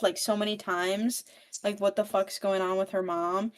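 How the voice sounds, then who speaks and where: Animated, foul-mouthed young woman recapping a book. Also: medium pitch, normal speed. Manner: profane, animated storytelling. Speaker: book podcast co-host.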